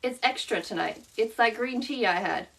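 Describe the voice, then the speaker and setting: High-voiced Southern woman hosting a craft live. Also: animated, moderate pace, gravelly, a bit bright, recorded from a distance. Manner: chatty, explains steps while working and answers viewers by name. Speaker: craft shop owner hosting a live tutorial. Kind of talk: live-stream craft tutorial.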